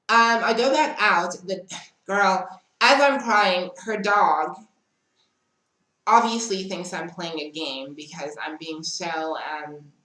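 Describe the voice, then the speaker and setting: A woman's voice: fairly low pitch, fairly bright tone, roomy sound, poor audio. A woman telling a dramatic storytime in casual chat, often calling the listener "girl". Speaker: storytime vlogger.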